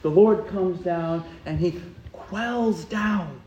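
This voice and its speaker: A man preaching a sermon as pastor, with a lot of rhetorical repetition and swings from hushed tones to loud passion. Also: sits high, takes it slowly, reverberant, muffled recording.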